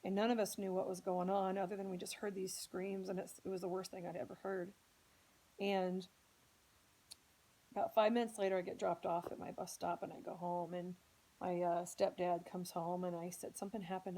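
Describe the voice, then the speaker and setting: A woman's voice: fairly low pitch, flat delivery, normal speed, warm tone, low-quality recording. A woman from Indianapolis earnestly telling a personal story as a podcast host, speaking with strong emotion. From Indianapolis, United States.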